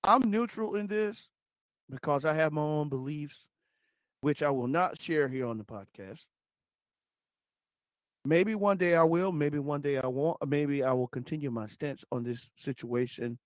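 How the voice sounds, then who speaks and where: A man's voice: a little high, unhurried, no echo. A man hosting a political podcast, speaking straight to his listeners as folks. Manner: addresses listeners directly as folks. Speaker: podcast host.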